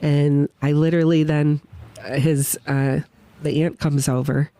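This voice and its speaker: A woman whose voice sits low speaks a little slowly, with no room sound in the recording. Appearing as a guest witness on a podcast from a winery, she tells a heartfelt personal story, animatedly acting out quoted remarks.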